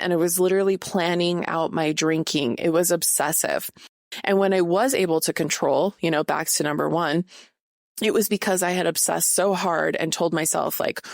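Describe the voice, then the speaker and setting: A woman's voice: fairly low pitch, moderate pace, gravelly, no room sound, clean studio sound. A woman in her late thirties hosting a podcast, talking candidly and casually with lots of fillers. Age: 30s. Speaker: podcast host. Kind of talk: casual solo podcast talk.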